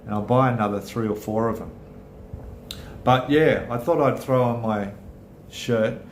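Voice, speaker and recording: A man's voice: medium pitch, unhurried, echoey room, a little hiss or hum. A middle-aged Australian man hosting a casual live chat with viewers, rambling and chatty, often correcting himself mid-sentence. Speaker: channel host.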